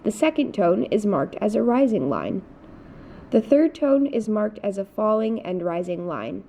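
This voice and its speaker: A woman's voice: medium pitch, expressive, measured pace, gravelly, warm tone, a little hiss or hum. A woman teaching a recorded Mandarin lesson, explaining patiently in scripted narration. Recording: dull lo-fi recording.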